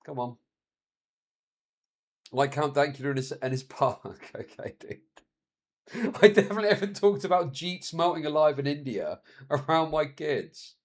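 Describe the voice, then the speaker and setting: A man's voice: on the high side, a little fast. A man in his thirties chatting casually on a live stream, telling stories with frequent laughs and swearing. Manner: chatty, laughs often, swears, animated storytelling.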